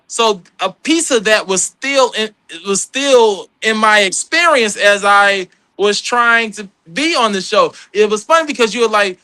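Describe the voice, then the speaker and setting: A man's voice: clean tone, no echo. A man in his thirties, a comedian and actor, telling stories in a casual podcast chat and acting out the people he quotes. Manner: animated, acts out quoted people in a higher voice.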